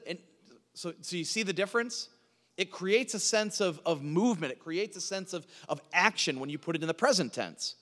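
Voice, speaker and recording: Animated high-voiced preacher in a reverberant hall. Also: male voice, a little fast. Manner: animated, repeats phrases for emphasis, asks and answers his own questions. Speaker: pastor. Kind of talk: expository sermon.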